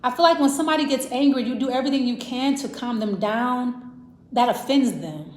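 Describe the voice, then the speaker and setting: A woman's voice: on the high side, a little fast, darkish tone, slight background noise. A woman giving a casual, rambling tarot reading. She thinks aloud, restarts her sentences and repeats herself. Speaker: tarot reader. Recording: echoey room.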